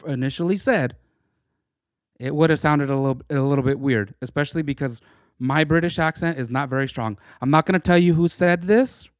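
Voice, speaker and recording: A middle-aged man co-hosting a casual political podcast, talking in an animated, stammering, jokey way. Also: a little high, fairly quick, smooth, dry recording, studio quality. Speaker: podcast co-host.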